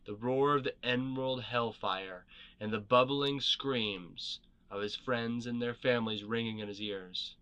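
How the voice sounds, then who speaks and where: A man narrating fantasy lore as a storybook reading, measured and expressive. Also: medium pitch, smooth.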